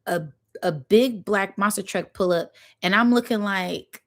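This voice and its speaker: A woman vlogger telling a story in a casual, animated, slangy way, with spoken sound effects. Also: medium pitch, unhurried.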